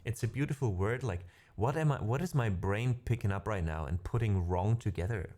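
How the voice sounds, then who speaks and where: A man's voice: on the low side, fairly quick, warm tone. A man, not a native English speaker, chatting casually with his livestream audience between piano pieces, rambling and correcting himself. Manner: rambling, self-correcting, laughs often. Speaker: music streamer.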